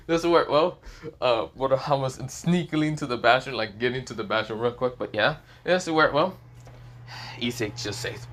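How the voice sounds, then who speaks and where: A man's voice: medium pitch, a little fast, a bit bright. A man improvising a fan story aloud, rambling and hesitant, with many fillers.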